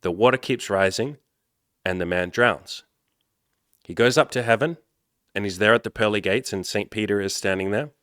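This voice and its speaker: A man in his thirties, a life coach, giving a blunt, animated motivational talk. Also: lowish voice, moderate pace, long pauses, smooth, no room sound, clean studio sound. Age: 30s. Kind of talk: motivational vlog monologue.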